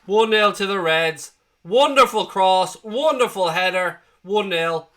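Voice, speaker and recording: A man hosting a live football watchalong, calling the play and chatting with viewers, excitable and prone to swearing as he cheers. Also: sits high, measured pace. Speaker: watchalong host. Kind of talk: live match commentary and chat. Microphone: desk microphone.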